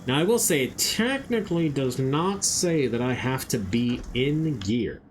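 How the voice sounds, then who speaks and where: A man's voice: mid-range voice, animated, a little slow, a little hiss or hum. A man streaming a game, muttering casual commentary and humming to himself. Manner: muttering, hums along to the music.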